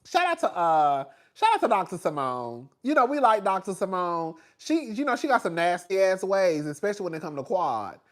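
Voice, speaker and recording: A man's voice: high-pitched, big pitch swings, moderate pace, few pauses, fairly bright tone. A man in his forties giving casual, gossipy commentary on reality TV, laughing often and calling his listeners "girl.". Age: 40s.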